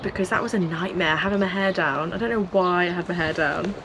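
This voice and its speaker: Chatty woman with a low voice. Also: brisk, few pauses, noisy background. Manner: chatty, rambling, many fillers and self-corrections. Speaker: vlogger. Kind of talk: casual voice-over commentary.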